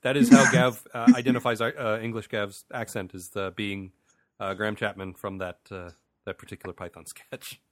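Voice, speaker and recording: A man's voice: lowish voice, fairly even intonation, normal speed. An American man hosting a podcast, chatting casually and animatedly, laughing often and swearing freely. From United States. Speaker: podcast host.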